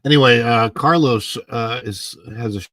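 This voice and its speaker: A middle-aged man hosting a casual livestream from home, rambling in a sleepy, unhurried way with plenty of fillers as he greets viewers in the chat. He speaks into a clip-on mic close under his face. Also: mid-range voice, fairly bright tone, no echo. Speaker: livestream host.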